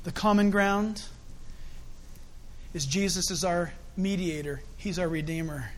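A man preaching a sermon in an animated, conversational way, with chuckling asides. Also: sits high.

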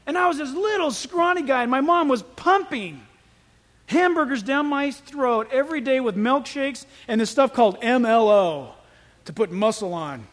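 A man preaching a sermon as pastor, telling stories in an animated way. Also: very high-pitched, normal speed. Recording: echoey hall with long reverb.

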